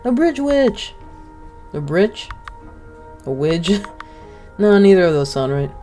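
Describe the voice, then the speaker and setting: Low mellow-voiced woman casually chatting while gaming, giggly, quiet game music under. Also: very animated, slow pace. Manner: chatty, giggly and playfully suspicious. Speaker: gaming channel host. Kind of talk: casual gameplay commentary.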